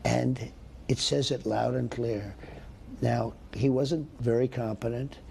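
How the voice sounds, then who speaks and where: A man's voice: medium pitch, steady tone, slow, creaky, darkish tone, slight background noise. A man speaking emphatically and accusingly in a clip of a public speech.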